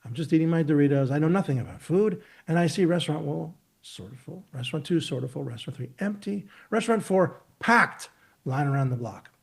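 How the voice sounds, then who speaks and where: This is a man in his fifties, talking as a guest over a video call. His voice sits a little high for a man and has a husky, breathy edge. He rambles through vivid, emphatic analogies and restarts his sentences often. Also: animated, fast, few pauses, warm tone. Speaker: market technician, interview guest. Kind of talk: expansive storytelling explanation.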